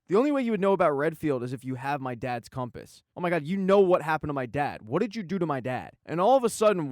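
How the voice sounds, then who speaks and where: A man's voice: fairly high pitch, no echo, studio quality. A man narrating a television recap in a casual, jokey, irreverent way. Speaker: TV recap host.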